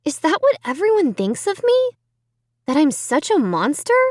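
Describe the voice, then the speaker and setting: A woman's voice: high voice, huge pitch swings, normal speed, a little mellow, no room sound, voice pushed up. A woman reading an audiobook, voicing a frantic preteen girl who wails, shrieks and trembles as she insists she is innocent. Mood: anguished. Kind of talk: audiobook character voice.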